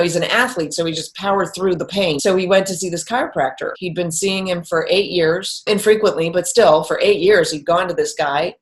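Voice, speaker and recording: Lower-pitched woman telling a story. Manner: animated, acts out quoted lines. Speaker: guest telling a personal story. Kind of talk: conversational storytelling.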